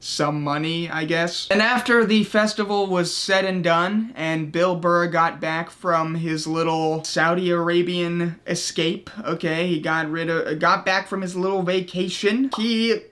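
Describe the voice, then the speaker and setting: A man's voice: sits high, steady tone, a little slow, hardly any pauses, a bit bright. A man hosting his own commentary channel, ranting in a profane, exasperated way and tagging his points with a sarcastic "okay?". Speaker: commentary YouTuber.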